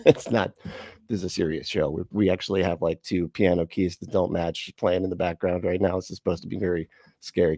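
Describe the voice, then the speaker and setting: A man's voice: low-pitched, steady tone, fairly quick, a little mellow, no room sound, studio quality. A man hosting a casual reaction livestream, laughing often, greeting chat viewers and making sarcastic remarks. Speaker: livestream host reacting to a video.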